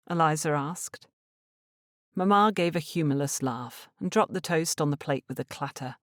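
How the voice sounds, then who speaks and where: A woman narrating a romance novel in a measured, expressive way. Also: deep voice, no echo, studio quality. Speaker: audiobook narrator. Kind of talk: scripted narration.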